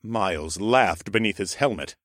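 A man narrating a first-person audiobook in an expressive, sardonic storytelling manner. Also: lowish voice, a little slow, no echo, studio quality.

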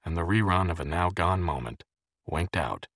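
A man reading a novel aloud as an audiobook narrator in a measured storytelling way. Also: low-pitched, animated, fairly bright tone, slightly rough, no room sound, studio quality.

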